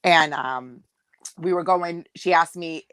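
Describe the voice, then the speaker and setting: A woman's voice: lowish voice, takes it slowly, smooth, no echo. Joking storyteller woman. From Massachusetts. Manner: lively joking storyteller, laughs often. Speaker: host of a group live chat. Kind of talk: casual chat, storytelling. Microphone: video call.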